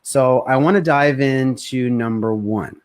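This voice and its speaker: An energetic male sales coach talks straight to a webcam on a live stream. He speaks casually, at a middle pitch, and slips into short impressions of tired customers to make his points. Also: a little slow. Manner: energetic, conversational, acts out prospects' voices.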